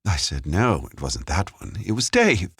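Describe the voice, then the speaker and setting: A man voicing a playful, warm woman in an audiobook thriller, speaking lightly and coaxingly. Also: sits low, wildly swooping pitch, a little slow, husky, dry recording, exaggerated voice. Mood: teasing. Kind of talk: audiobook character voice. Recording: dry close studio sound.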